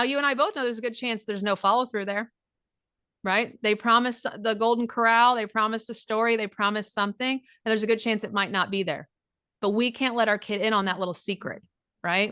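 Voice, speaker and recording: A woman's voice: medium pitch, sharp tone, smooth, no room sound. Frank, no-nonsense woman coach, mid-range voice, dry close sound, acts out little dialogues. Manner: blunt and frank, acts out quoted dialogue, swears freely. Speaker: divorce recovery coach. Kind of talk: direct coaching talk.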